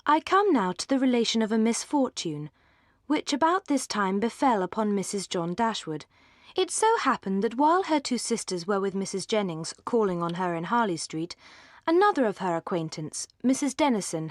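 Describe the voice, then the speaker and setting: Audiobook narrator, woman, mid pitch, measured and articulate, dry close sound. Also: sing-song, no room sound. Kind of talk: scripted narration.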